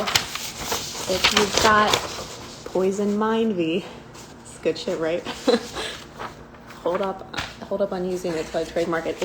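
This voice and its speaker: Woman, casual self-help talk, candid, swears, playful asides, soft soothing self-talk, mid pitch, faint background ambience. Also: noisy background.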